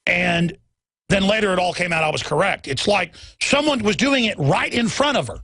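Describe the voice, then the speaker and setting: A man's voice: sits high, lively intonation, moderate pace, creaky, pushed and bright, dry recording. A middle-aged male talk show host delivering an impassioned monologue. He rants and acts out other people's lines as he goes.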